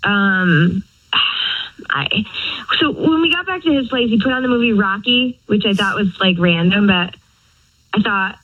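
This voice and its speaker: A young woman tells her story over a dull, muffled phone line, and her voice is a bit husky and breathy. She talks in a chatty, exasperated way and leans on lots of fillers. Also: medium pitch, animated, unhurried, pauses often, no room sound. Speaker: caller.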